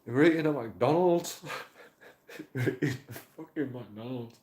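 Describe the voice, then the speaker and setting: Speaking at a moderate pace with a medium-pitched, darkish voice, this man is a YouTube auditor vlogger. He delivers an emotional, wandering monologue to his channel, swearing and saying things more than once, all in a room with noticeable echo.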